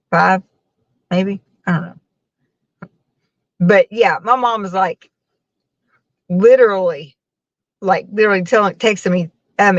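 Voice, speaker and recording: A woman's voice: lowish voice, gravelly, dry recording. A tired woman rambling to her viewers during a casual live stream, laughing often. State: tired after a long work shift. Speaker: livestreamer chatting with viewers. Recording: dull, dry phone-mic sound.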